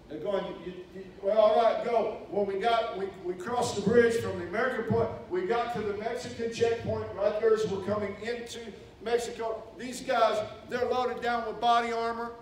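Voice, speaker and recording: An animated preacher, a man telling a story to his congregation and throwing himself into each quoted voice. His voice sits a little high for a man. It rings around a big echoey hall, picked up from a distance with a faint hiss. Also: normal speed, hardly any pauses.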